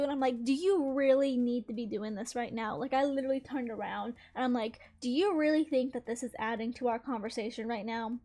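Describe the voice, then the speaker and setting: A young woman with a high, light voice tells a story in casual, chatty fashion. She sounds exasperated and animated and laughs often as she recounts things. Faint music plays softly behind her. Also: brisk, few pauses. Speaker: gaming channel host.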